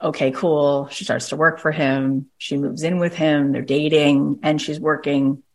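Woman host-coach, middle-aged, low-ish voice, animated and emphatic when telling stories. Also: unhurried. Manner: animated storyteller, emphatic, uses "like" often. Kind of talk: coaching conversation, storytelling.

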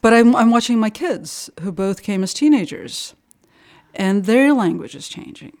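A woman's voice: medium pitch, lively intonation, creaky, darkish tone. Thoughtful older woman. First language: Russian. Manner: thoughtful, explains at length with frequent pauses to find the word. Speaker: translator and guest. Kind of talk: interview conversation.

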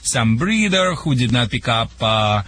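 A man with a Russian accent, a dog trainer on a call-in radio show, joking and halting with many fillers. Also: mid-range voice, big pitch swings, fairly bright tone.

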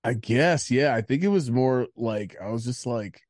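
A man's voice: medium pitch, animated, moderate pace, a little mellow, no room sound. Profane storytelling podcast guy, dry sound. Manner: profane storytelling, acts out quotes. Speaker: podcast co-host. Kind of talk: casual chat.

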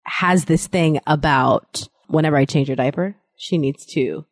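Woman, thirties, co-host, lowish voice, dry close sound, playful quick storyteller. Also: no room sound. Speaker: podcast co-host. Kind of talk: casual chat.

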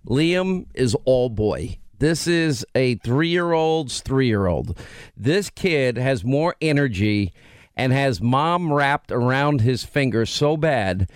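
A man's voice: mid-range voice, lively intonation, takes it slowly, smooth, dry recording, studio quality. A man hosting a talk radio show, bantering and teasing his staff in a brash, interrupting way. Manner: brash, teasing, talks over his cohost. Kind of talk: casual on-air banter.

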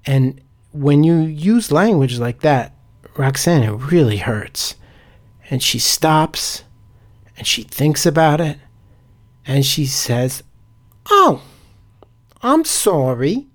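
A man's voice: on the high side, animated, slow pace, long pauses. A man who is a teacher, telling a personal story in a theatrical, vivid way.

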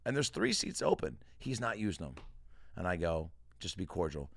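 A man hosting a comedy podcast, telling animated stories and acting out the people in them. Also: low voice, fast, gravelly, no echo, studio quality. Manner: animated storyteller, acts out quotes. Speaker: podcast host.

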